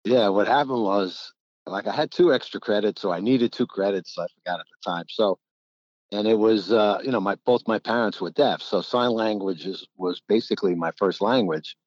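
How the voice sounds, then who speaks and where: Older New guy, low voice, chatty storyteller, dull lo-fi recording. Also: normal speed, dry recording. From New Jersey. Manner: rambling, animated, acts out quotes. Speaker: guest, former college basketball player. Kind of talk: casual storytelling.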